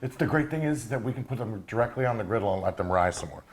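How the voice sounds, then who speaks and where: A man's voice: fairly low pitch, lively intonation, fast. A man co-hosting a cooking show, joking and bantering while he cooks. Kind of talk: casual cooking demonstration.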